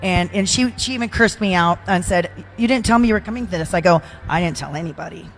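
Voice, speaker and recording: A woman's voice: fairly low pitch, fast talker. An older woman chatting as a podcast guest, emotional and self-deprecating, with frequent restarts. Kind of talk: casual chat.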